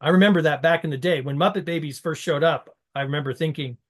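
A man co-hosting a podcast with a slightly high voice. He reminisces in a rambling, reflective way. He laughs lightly between phrases. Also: fast. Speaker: podcast co-host. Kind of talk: casual chat.

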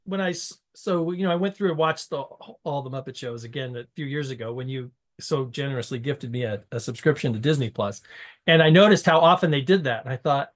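A man's voice: medium pitch, fairly quick. Rambling man recalling things in casual chat. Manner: rambling, reflective, laughs between phrases. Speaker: podcast co-host.

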